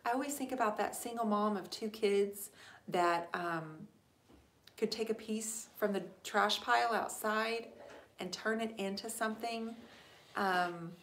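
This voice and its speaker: A woman hosting a casual live stream, chatting warmly and thanking viewers by name as she answers their questions about painting furniture. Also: mid-range voice, slight background noise. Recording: echoey room.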